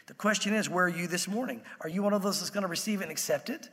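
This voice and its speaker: A man's voice: high voice, rapid-fire, hardly any pauses, a bit bright, long reverb tail. A man preaching a sermon in a conversational way, acting out the voices he quotes. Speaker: pastor.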